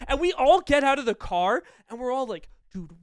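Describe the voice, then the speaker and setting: Young male podcast co-host, mid-pitched, excitable halting delivery, dry close mic. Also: dry recording. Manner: animated, halting storytelling with many fillers. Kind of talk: casual chat.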